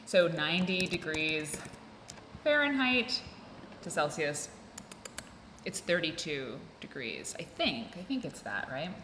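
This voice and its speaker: A woman's voice: low-pitched, sing-song, slow, a bit bright, slight background noise. An American woman hosting a casual solo chat, rambling and interrupting herself as she talks from an office room. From United States. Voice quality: rambling, chatty, self-interrupting. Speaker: podcast host. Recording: roomy echo with faint ambience.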